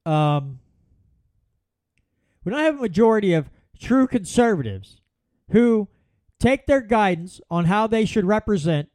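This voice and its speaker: Animated man ranting solo. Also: high voice, a little slow, pauses often, no room sound. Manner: folksy, animated storytelling with repeated restarts. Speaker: podcast host. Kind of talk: solo political commentary.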